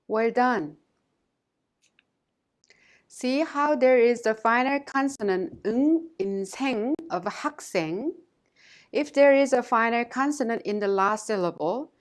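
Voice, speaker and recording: A woman with a slightly high voice delivers a scripted language lesson. She speaks in a careful, methodical way and repeats each word slowly so learners can follow. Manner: careful, modelling pronunciation with slow repetitions. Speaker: language instructor. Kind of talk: scripted instructional narration.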